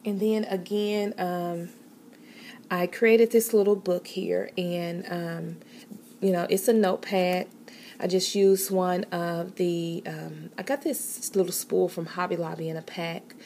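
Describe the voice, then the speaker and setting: A woman's voice: on the low side, little pitch movement, takes it slowly, dark tone, a little hiss or hum. A woman vlogger chatting casually with viewers while showing her handmade papercraft projects, with many fillers. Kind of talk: casual show-and-tell craft video.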